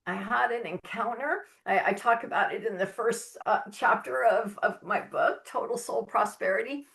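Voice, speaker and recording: A woman's voice: medium pitch, normal speed, creaky, a bit bright. A woman guest on a faith-based podcast, an author and mentor sharing her testimony in an earnest, heartfelt way with emphatic stresses.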